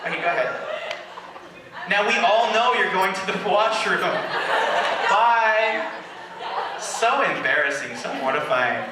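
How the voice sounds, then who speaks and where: A spoken-word poet reading to a live audience, slow and deliberate in his poems, rambling and laughing in his banter. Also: sits high, lively intonation, crowd noise. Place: indoor venue with live audience. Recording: echoey room, mic far off, faint noise.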